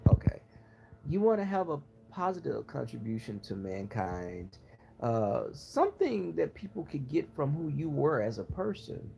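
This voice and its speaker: Lively, gravelly man chatting slowly. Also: a little high, slight background noise. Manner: chatty, gossipy, frank opinions. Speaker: YouTuber answering viewers. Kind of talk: casual live-stream chat.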